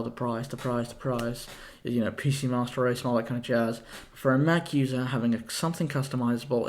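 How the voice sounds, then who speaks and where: Casual young man rambling about tech. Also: medium pitch. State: out of breath. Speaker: podcast host. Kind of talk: solo tech podcast talk.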